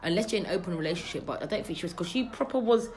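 A young woman, telling a story in casual chat, animated and gossipy, full of slang. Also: on the low side, very fast, a little hiss or hum.

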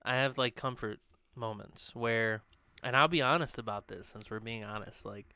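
A man's voice: fairly low pitch, normal speed, sharp tone, clean tone, dry recording. A young man co-hosting a podcast, telling long rambling stories with fillers and laughs. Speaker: podcast co-host. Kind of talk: casual chat. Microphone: studio podcast mic.

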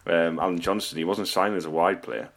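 A man's voice: deep voice, steady tone, fairly quick, gravelly, a bit bright. A man in casual football chat, rambling and laughing often, trailing off mid-sentence.

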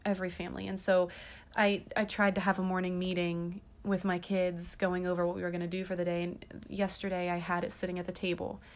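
Woman, 30s, podcast host; chatty and rambling, voice sits a little low. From half Irish. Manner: chatty, rambling, frequent ums. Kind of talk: casual chat.

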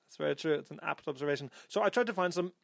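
Fast-talking deadpan man, dry close sound. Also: on the high side, vocal fry, no room sound. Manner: rambling, deadpan, self-correcting. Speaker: podcast co-host. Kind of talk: casual chat.

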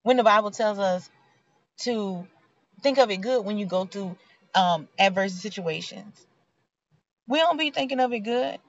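A woman's voice: mid-range voice, lively intonation, measured pace, pauses often, dry recording. A woman, giving a heartfelt, preachy motivational faith talk in a conversational way. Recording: dull lo-fi sound.

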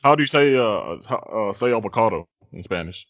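Laid-back lower-voiced man co-host. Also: lively intonation, fairly bright tone, highs cut off. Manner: laid-back, halting, many restarts and fillers. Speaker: podcast co-host. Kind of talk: casual podcast chat.

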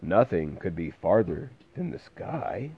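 Gentle, slow bedtime-reading dad. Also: male voice, deep voice, sing-song, breathy edge, highs cut off. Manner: slow, gentle and lilting, chatting with the child between pages. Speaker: parent reading to a toddler.

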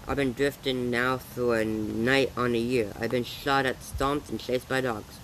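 A man's voice: medium pitch, fairly even intonation, measured pace, fairly bright tone, a little hiss or hum, low-quality recording. Man reading as Skillet, a humble hungry drifter. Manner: folksy rural speech, eager and polite.

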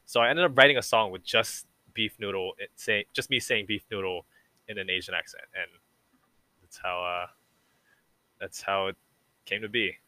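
A man's voice: on the low side, steady tone, moderate pace, pauses often, bright, forceful tone, no room sound. A young man talking as a podcast guest, rambling and reflective and saying "like" a lot. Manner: rambling and reflective, heavy use of "like". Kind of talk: casual conversation.

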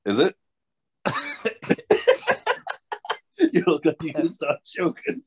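A man's voice: on the high side, sing-song, slow, noisy background. A man co-hosting a podcast, teasing his friend with dry jokes and casual swearing. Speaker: podcast co-host. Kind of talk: casual banter.

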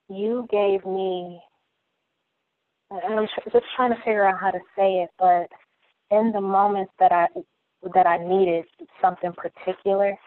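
A woman in her thirties, a podcast guest, speaking hesitantly with many pauses and ums. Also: on the low side. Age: 30s. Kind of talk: personal conversation. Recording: tinny phone-like line.

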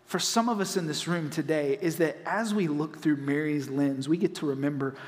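A man from North Carolina, preaching a sermon as pastor and acting out voices in animated storytelling. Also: a little high, normal speed. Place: church auditorium. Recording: long reverb of a large hall.

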